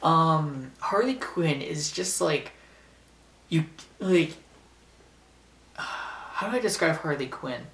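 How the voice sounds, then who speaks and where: Slow rambling man, echoey room. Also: fairly high pitch, expressive, fairly bright tone. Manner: rambling, full of fillers and giggles. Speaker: host of a top-ten video show. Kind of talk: casual top-ten commentary. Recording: roomy, distant from mic.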